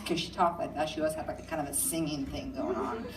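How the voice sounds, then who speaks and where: A woman telling a stand-up comedy story in a quick, chatty way, heard from far off in an echoey room. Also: sits low, fairly even intonation.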